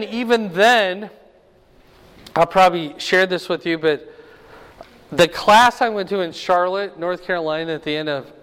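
A man with a fairly high, smooth voice leads a Bible lesson in easy conversational style. He keeps checking in with his listeners, asking "right?" as he goes. The sound rings with the long reverb of a big hall. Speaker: Bible teacher.

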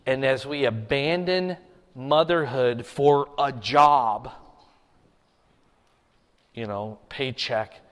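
A man preaching a sermon from the pulpit as pastor, swelling in pitch and force on key phrases. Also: extremely slow, long pauses, big-room sound. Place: church sanctuary.

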